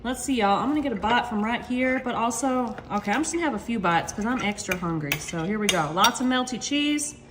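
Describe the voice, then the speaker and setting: A chatty woman walks viewers through a recipe in her home kitchen, her voice sitting high and bright. She keeps saying y'all and gushing about the food. The kitchen sounds echoey, with a faint hum of room noise behind her. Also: expressive, a little fast, few pauses. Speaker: cooking vlogger. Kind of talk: casual cooking demonstration.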